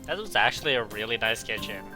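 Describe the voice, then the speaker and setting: A man's voice: lowish voice, lively intonation, quick pace, bright, forceful tone, faint music behind, rough recording. A man hosting a let's play, reading visual novel narration aloud with casual, jokey asides.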